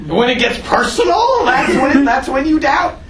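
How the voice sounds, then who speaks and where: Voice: high voice, sing-song, moderate pace, recorded from a distance, slight background noise. A teacher giving a casual, joking classroom lecture and asking the class questions. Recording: echoey classroom taped from afar.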